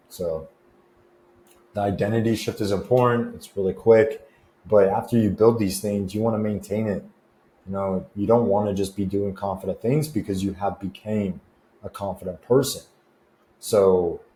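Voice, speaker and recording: Young guy with a low mellow voice giving casual gym and confidence tips, slangy and chill, roomy echo and a bit of hiss. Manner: laid-back, slangy and chatty. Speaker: fitness and confidence coach. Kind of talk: casual advice vlog. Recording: roomy echo with faint noise.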